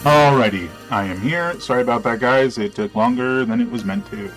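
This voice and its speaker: A man running a tabletop game as game master, casual and relaxed, often opening with "alrighty". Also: mid-range voice, a little fast, gravelly, soft background music.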